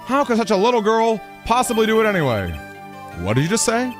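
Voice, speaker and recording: A man voicing a jittery, loud male police bailiff who stammers and keeps saying sir. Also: high-pitched, sing-song, brisk, music in the background. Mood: nervous blustering.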